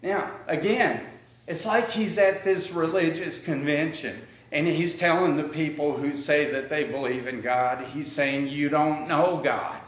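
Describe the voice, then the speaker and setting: A man preaching a sermon with slow, emphatic delivery and dramatic pauses, now and then acting out his opponents in a high, incredulous voice. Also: echoey room, highs cut off. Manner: acts out the Pharisees in a high, incredulous voice. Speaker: pastor.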